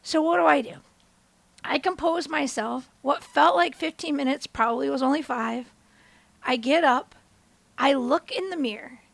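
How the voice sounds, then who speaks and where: Woman host w a high voice and a bit of vocal fry, chatty motivational storytelling, dry close sound. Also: moderate pace, dry recording. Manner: animated, acts out her own and others' words in bigger voices; conversational, asks listeners "right?". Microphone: camera.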